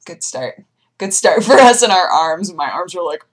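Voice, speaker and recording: A young woman vlogger chatting casually, telling animated stories and jumping into high squeaky voices for her pets. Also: normal speed. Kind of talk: casual chat.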